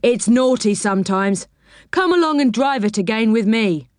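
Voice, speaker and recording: A good-humoured train driver teases the children, voiced by a woman reading aloud. His speech is lively and lilting. The recording is close and dry. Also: on the high side, normal speed, no room sound, natural voice. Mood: amused. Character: jolly train driver, grown man.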